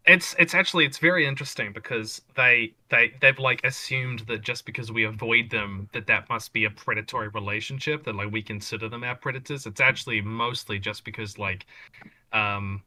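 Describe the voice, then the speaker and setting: A man with a very bright, sharp tone chats on a livestream. He stumbles through sentences, apologizes and slips in deadpan jokes. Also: on the low side, fairly quick, poor audio. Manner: apologetic, joking, stumbling starts. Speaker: guest YouTuber. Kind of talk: casual livestream chat. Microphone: backup mic, not his good one.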